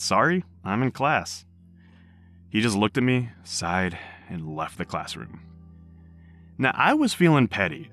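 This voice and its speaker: A man hosting a podcast, reading stories aloud in an animated storytelling manner. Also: fairly low pitch. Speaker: podcast host.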